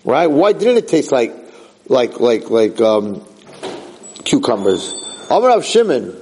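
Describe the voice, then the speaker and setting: A man teaching a Torah class in a lively way, mixing in Hebrew phrases and acting out quotes with sudden high outbursts. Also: unhurried, a little hiss or hum, low-quality recording.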